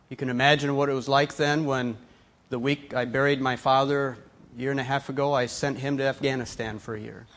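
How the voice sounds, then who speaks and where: A middle-aged pastor preaching a sermon, moving from hushed personal storytelling to loud, emphatic preaching. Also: male voice, medium pitch.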